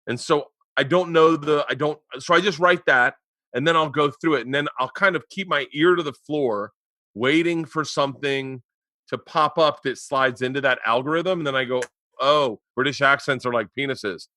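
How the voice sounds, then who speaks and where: A man in his forties hosting a remote podcast, telling rambling stories that turn loud and laughing. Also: medium pitch, normal speed, dry recording, studio quality. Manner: rambling storyteller, gets loud and laughing in anecdotes. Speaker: podcast host. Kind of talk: casual chat. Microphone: remote podcast mic.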